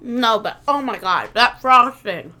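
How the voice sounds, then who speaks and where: A woman's voice: a little high, animated, measured pace, sharp tone. A woman in her thirties chatting casually as a podcast co-host, a rambling storyteller who swears a lot. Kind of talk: casual chat.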